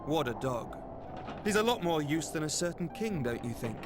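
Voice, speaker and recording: A man's voice: on the high side, big pitch swings, moderate pace. A man voicing a blunt, cheeky bandit sidekick in a game playthrough. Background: game music.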